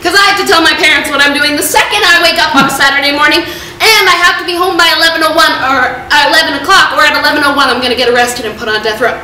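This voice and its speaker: A woman's voice: high voice, racing, few pauses. A seventeen-year-old girl performing a one-woman comedy show, ranting in an exasperated, self-mocking way. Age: teens. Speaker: solo stage performer. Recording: echoey hall from far off, loud noise.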